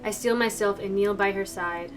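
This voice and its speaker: A woman's voice: medium pitch, fairly even intonation, moderate pace. A woman streamer reading a visual novel aloud, breaking off into emotional, chatty asides to her viewers, from a distant mic with faint music behind.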